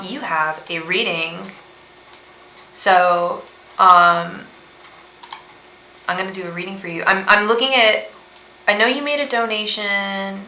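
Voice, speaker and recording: A woman's voice: medium pitch, bright, forceful tone, reverberant, a little hiss or hum, rough recording. A woman, a tarot reader on a casual livestream, talking in a rambling way full of fillers and restarts. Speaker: tarot reader and psychic medium.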